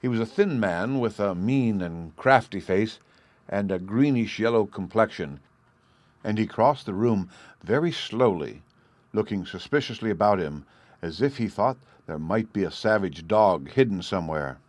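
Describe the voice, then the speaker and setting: A man narrating an audiobook in a steady, measured storytelling style. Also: fairly low pitch, no room sound.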